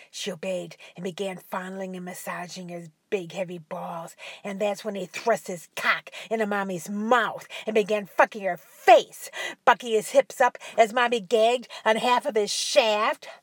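A woman narrating an adult audio story in a soft voice that drops to a whisper at times. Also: mid-range voice, fairly even intonation, normal speed, slightly rough, dry recording.

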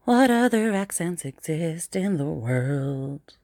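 Playful, giggly young woman with vocal fry. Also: sits low, big pitch swings, slow pace, dark tone, no room sound, clean studio sound. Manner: playful, giggly, slips into mock accents. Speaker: vlogger. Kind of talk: casual solo vlog, trying out accents.

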